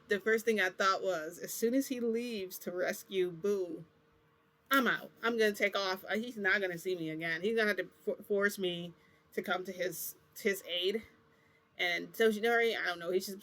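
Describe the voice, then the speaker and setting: A woman's voice: lowish voice, fairly bright tone. A woman vlogger casually telling a long personal story, rambling, with lots of "like" and restarts that correct herself. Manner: rambling, full of "like" and self-corrections.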